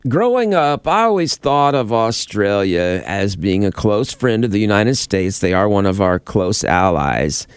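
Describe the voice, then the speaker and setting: A man's voice: fairly low pitch, measured pace, hardly any pauses, smooth. A man hosting a morning radio show, telling stories in casual banter. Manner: lively storytelling, animated.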